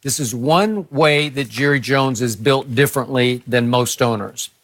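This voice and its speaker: A man in his sixties, co-hosting a sports debate show, telling anecdotes in a measured, explanatory way. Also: mid-range voice, a bit bright. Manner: measured, anecdotal, lots of murmured "mm" as he listens.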